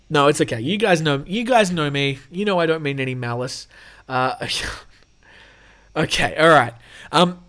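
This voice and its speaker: A man's voice: fairly high pitch, expressive, normal speed, fairly bright tone. A man hosting his own show, reading out animal news stories with casual, irreverent jokes. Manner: irreverent, jokey, laughs often. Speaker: show host.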